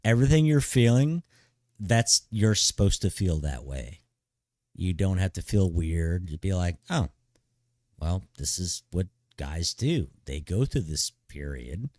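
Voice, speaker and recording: Expect casual live-stream chat from a middle-aged man whose low voice is expressive and slightly mellow, moving at a measured pace. He's laid-back, profane and blunt, doling out big-brother advice and repeating "dude" constantly, captured in a dry, studio-quality recording.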